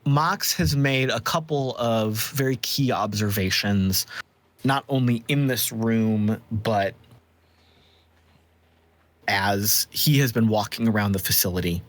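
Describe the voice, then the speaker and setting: A man running a tabletop game as game master, describing scenes in a measured way, with occasional ums. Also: fairly low pitch.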